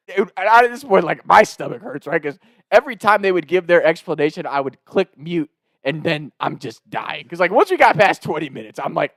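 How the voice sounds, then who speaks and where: A young-sounding man spins a comedic story in a loose, rambling way, full of swearing and fillers. His voice sits a bit high for a man. The sound is dry and close. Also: fairly quick, dry recording. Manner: profane, rambling, excitable.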